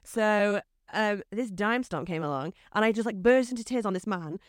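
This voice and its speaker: A woman's voice: medium pitch, lively intonation, fairly quick, few pauses, dry recording, clean studio sound. A woman, a guest on her husband's podcast, telling stories in casual chat full of fillers. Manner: rambling, filler-heavy storytelling. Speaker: podcast guest, host's wife. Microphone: studio microphone.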